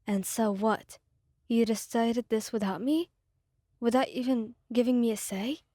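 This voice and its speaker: Woman as a heartbroken listener, trembling defiant speech, fairly high, soft warm tone. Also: steady tone, a little slow, no echo, clean studio sound. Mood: hurt.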